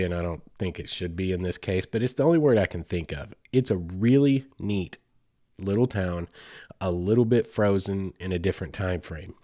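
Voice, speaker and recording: A low-voiced man in his forties with a Southern US drawl, chatting his way through a travel story with plenty of fillers and side trips. The recording is close and dry, with no room sound. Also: a little mellow, no room sound. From Southern United States. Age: 40s. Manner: chatty and rambling, with asides and fillers. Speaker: podcast host. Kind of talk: casual storytelling.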